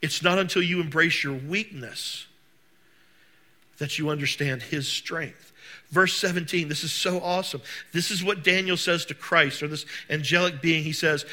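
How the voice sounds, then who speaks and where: A man preaching a sermon to a congregation, talking conversationally, asking the room questions and acting out scenes with sudden shouts. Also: fairly high pitch, normal speed. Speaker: pastor. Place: church service.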